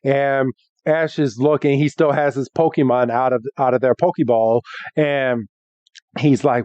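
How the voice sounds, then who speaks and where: A man's voice: mid-range voice, steady tone, a little slow, darkish tone, no room sound, highs cut off. A man hosting a podcast, casually recapping a cartoon episode with a lot of restarts and acted-out quotes. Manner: rambling, restarts, acts out quotes. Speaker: podcast host.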